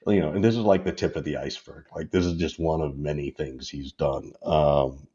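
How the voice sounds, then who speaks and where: A man's voice: very deep voice, steady tone, fairly quick, warm tone, highs cut off. A man in his fifties, a podcast guest, telling personal stories in a rambling, candid way and laughing through them. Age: 50s. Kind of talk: casual interview storytelling.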